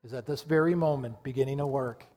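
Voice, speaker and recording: A male pastor preaching a sermon with fervor, rising loud and then dropping to a hush. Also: medium pitch, fast talker. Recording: long reverb of a large church hall.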